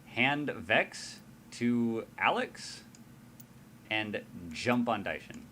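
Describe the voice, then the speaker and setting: A man's voice: mid-range voice, animated, very slow, sharp tone, a little hiss or hum. A man playing in a casual tabletop game, describing his character's actions hesitantly and swearing casually. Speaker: player.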